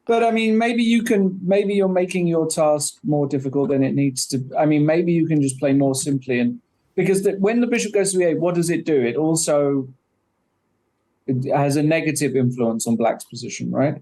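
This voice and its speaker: A man's voice: on the high side, normal speed, dark tone. A man co-hosting a chess show as the trainer, guiding his partner with leading questions. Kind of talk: casual coaching chat.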